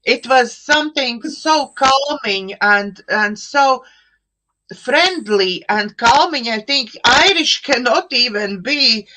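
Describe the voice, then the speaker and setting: A middle-aged woman with an Eastern European accent, hosting a live online chat show over a video call and speaking slowly, searching for words with many fillers and restarts. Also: on the high side, expressive, bright, forceful tone, rough recording. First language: an Eastern European language. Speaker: host.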